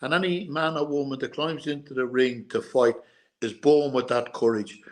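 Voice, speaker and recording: An earnest man with a mixed Irish and English accent, talking over his life in a relaxed interview. He tells his stories at length, often restarting and repeating phrases as he goes. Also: mid-range voice, normal speed. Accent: Irish with English mix. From Ireland. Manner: repetitive, earnest storytelling with restarts. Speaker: guest, former boxer and bodyguard. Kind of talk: casual interview chat.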